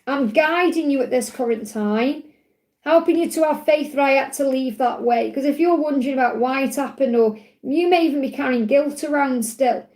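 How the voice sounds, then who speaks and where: A woman's voice: high-pitched, normal speed, darkish tone. A woman hosting a live stream, reading oracle cards in a chatty, reassuring way and often adding "okay?". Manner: reads card messages aloud. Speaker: psychic reader, livestream host.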